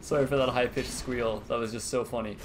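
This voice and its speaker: A young man giving playful gameplay commentary, laughing often and breaking into sudden excited yelps. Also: medium pitch, fairly quick, slight background noise. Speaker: gaming YouTuber.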